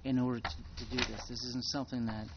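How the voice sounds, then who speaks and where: A man, a town official, speaking at a council meeting in a measured, hesitant way with frequent ums. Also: medium pitch, level tone, lo-fi sound, very noisy. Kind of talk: formal meeting talk.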